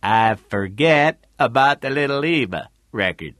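Dude doing a small-time fixer guy, broken english, short replies, bright dry sound. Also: medium pitch, animated, a little slow, no room sound, voice pushed up. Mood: matter-of-fact. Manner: broken English, terse, eager. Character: streetwise male friend, agreeable, small-time fixer.

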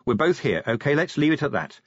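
A man voicing a gruff, prickly female werewolf sergeant who talks bluntly and curtly. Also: fairly high pitch, big pitch swings, a little fast, dry recording, voice pushed up. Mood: brusque. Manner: blunt and curt. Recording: dull lo-fi recording.

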